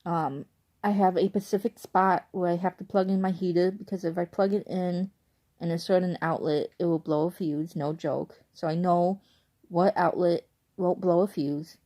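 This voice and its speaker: In a lowish, dark-toned voice that stays steady and runs at normal speed, the young woman vlogger tells a loose, chatty story at home in her bedroom at night, full of "like" and digressions.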